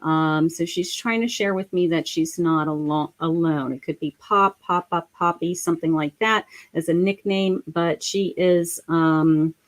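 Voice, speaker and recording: A middle-aged woman with a fairly low-pitched voice talks softly through a live psychic reading. She sounds gentle and emotional, and often pauses on "um" as she goes. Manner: gentle, emotional, full of fillers. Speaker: psychic medium.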